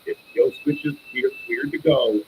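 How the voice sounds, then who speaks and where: A man hosting a live stream and reviewing a wrestling show, casual, opinionated and profane, with bursts of excited ranting. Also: moderate pace, creaky, slight background noise, rough recording. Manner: animated, swings up into high excited bursts while ranting.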